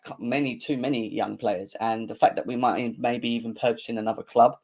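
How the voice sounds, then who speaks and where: Mocking football fan streamer. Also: male voice, darkish tone. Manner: mocking banter, slangy, laughs often, mimics rival fans in squeaky voices. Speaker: football channel host. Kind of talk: live-stream fan commentary.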